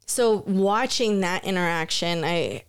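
A woman's voice: on the low side, a little slow, clear, resonant tone. A woman chatting casually on a podcast, blunt and profane. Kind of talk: casual chat.

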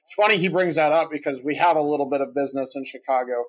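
A man with a slightly high voice on a business podcast, rambling through his points with many "like"s and "you know"s. He speaks casually and explains things at length. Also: quick pace, poor audio. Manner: rambling, filler-heavy, explaining. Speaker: podcast co-host, marketing agency owner.

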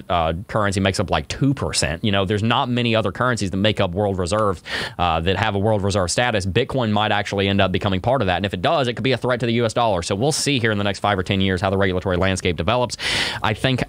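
Man, low pitch, dry close sound, crypto stream co-host, joking banter. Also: quick pace, a bit bright, no echo. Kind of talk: casual livestream chat.

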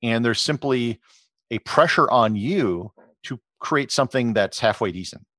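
A middle-aged man, a podcast host, answering interview questions in a relaxed, explanatory way with frequent fillers. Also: mid-range voice, measured pace, dry recording, studio quality. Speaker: podcast host and travel photographer.

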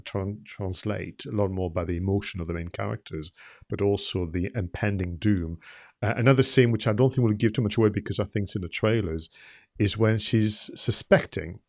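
A man co-hosting a podcast, talking through a film in a measured way with many hesitations. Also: lowish voice, a little mellow, no echo, clean studio sound. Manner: measured, with many ums and uhs. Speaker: podcast co-host. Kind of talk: casual film review chat.

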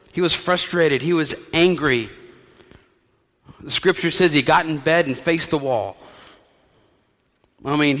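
A man's voice: medium pitch, fairly bright tone. Storytelling male pastor in echoing church. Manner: conversational storytelling, wry asides. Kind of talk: sermon.

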